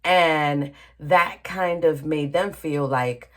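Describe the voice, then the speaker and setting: A woman's voice: sits low, takes it slowly, few pauses. A woman tarot reader giving a casual reading at her table, talking straight to the viewer and often checking in with "okay?" and calling them "honey". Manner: chatty, addresses viewer directly, frequent "okay?" and "honey".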